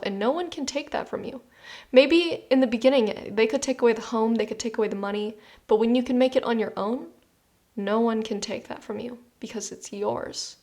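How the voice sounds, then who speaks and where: A woman's voice: fairly high pitch, darkish tone. A woman giving a tarot reading. She speaks directly to the listener in an earnest, reassuring, conversational way and often says "you know.". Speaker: tarot reader. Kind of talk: spoken tarot reading to the viewer.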